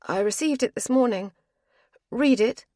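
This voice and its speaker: A woman doing a direct, urgent gentlewoman. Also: fairly high pitch, unhurried, dry recording, clean studio sound, voice pushed up. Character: direct, anxious gentlewoman of middle years.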